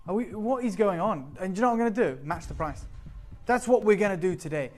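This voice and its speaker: A man's voice: high-pitched, expressive, fast talker, a little mellow. A man presenting on a live TV shopping channel, talking up gems with urgent, persuasive energy in a studio. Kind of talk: live TV sales pitch.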